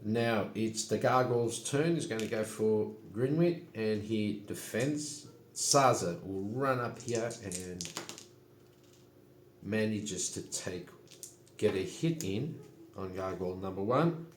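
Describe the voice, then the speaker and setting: Slow, low-voiced man narrating a tabletop game. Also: animated, a little hiss or hum. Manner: unhurried, matter-of-fact play-by-play. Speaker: solo game player and narrator. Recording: echoey room.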